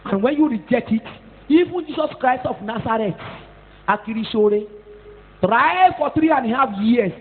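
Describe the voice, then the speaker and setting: A Nigerian-accented woman pastor preaching a scolding, animated sermon, mixing in Pidgin and Yoruba and rising to shouts at times. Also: a little high, normal speed. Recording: tinny phone-like echoey hall.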